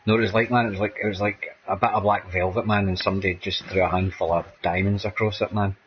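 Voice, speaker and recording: A man's voice: low-pitched, level tone, quick pace, dull audio, slight background noise. A man with a Scottish accent chatting casually while playing a game, rambling and tagging nearly every sentence with "man" or "mate". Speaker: gameplay streamer. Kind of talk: casual gameplay chat.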